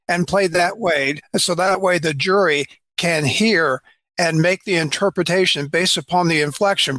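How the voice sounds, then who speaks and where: Middle-aged lawyer guy on a podcast, bright voice, dry sound, explains stuff patiently. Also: sits high, dry recording. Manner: explanatory, lawyerly, many "you know" fillers. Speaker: lawyer guest. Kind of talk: casual podcast chat.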